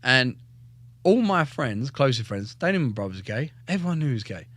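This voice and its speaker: A man's voice: medium pitch, very animated, a little fast, a bit bright, no echo. A man, a professional fighter, telling his life story as a podcast guest in a blunt, profane, joking way, often stumbling and repeating words. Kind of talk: casual storytelling in a podcast interview.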